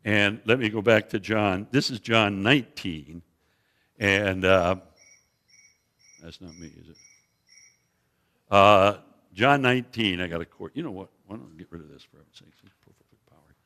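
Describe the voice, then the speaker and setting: A man with a lowish, pushed and bright voice preaches at a moderate pace, pausing often. He's a guest Bible teacher in a sanctuary, telling scripture stories vividly, frequently restarting phrases and directing attention to slides.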